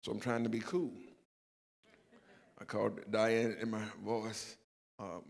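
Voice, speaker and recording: An older male pastor with a Southern US accent shares a self-deprecating personal story from the pulpit of a church sanctuary, voicing the quotes himself. He speaks low and flat, unhurried, with vocal fry, frequent pauses, and long reverb.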